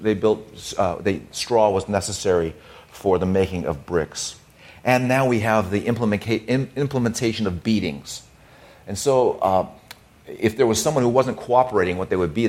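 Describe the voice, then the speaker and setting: Man, sermon, lowish voice, dramatized scripture quotes, occasional restarts. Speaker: preacher.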